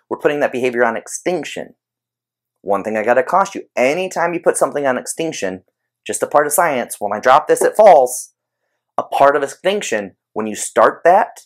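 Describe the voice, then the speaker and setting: A man giving an informal explanatory talk on behavior training, conversational and animated, using everyday examples. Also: medium pitch. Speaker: behavior analysis educator.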